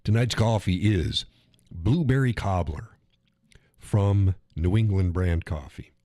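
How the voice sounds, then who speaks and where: A middle-aged man with a very low voice talks casually to his live stream audience. He rambles, restarts phrases and chuckles often. The sound is dry and close, with no room echo. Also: measured pace, dark tone. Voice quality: chuckles often while talking. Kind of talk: casual solo chat.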